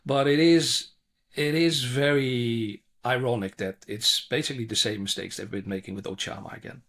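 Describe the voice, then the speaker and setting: Guy explaining stuff in an interview, lively, keeps restarting his sentences, mid pitch. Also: normal speed. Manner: animated, frequent restarts and repeated words. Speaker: guest expert on China. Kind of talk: conversational interview.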